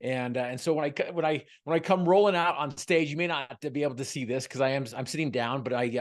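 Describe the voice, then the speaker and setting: A man giving a motivational talk as a guest speaker on a video call, joking and telling stories in an earnest, upbeat way. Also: mid-range voice.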